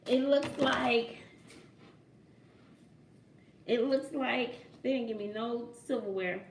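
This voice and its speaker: A woman vlogging casually from home, excited and giggly, talking to her viewers as y'all. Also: on the high side, slow, vocal fry, distant mic, a little hiss or hum. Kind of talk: casual vlog chat. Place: home room. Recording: echoey room, off-mic.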